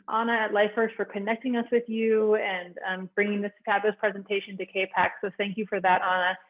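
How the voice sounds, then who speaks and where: A woman host gives friendly closing remarks at a mid pitch, with many fillers. Her voice comes through thin, phone-like video call audio. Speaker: event host.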